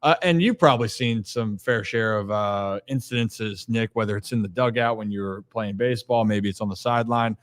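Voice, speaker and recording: A man's voice: lowish voice, moderate pace, hardly any pauses. A man hosting a podcast, chatting casually about sports and reeling off stats. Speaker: podcast host.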